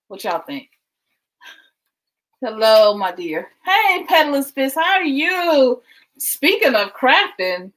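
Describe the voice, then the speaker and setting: A woman's voice: medium pitch, a bit bright, poor audio. Chatty woman livestreaming at home. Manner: chatty, keeps addressing viewers as y'all; laughs often, talks while packing. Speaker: livestream host. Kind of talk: casual livestream chat. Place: at home indoors.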